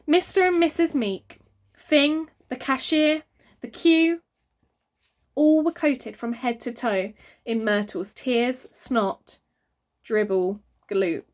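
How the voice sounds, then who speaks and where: A woman reading a children's book aloud, very expressive and adding sound effects. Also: high voice, slow pace. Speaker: reader. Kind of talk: storybook read-aloud for children.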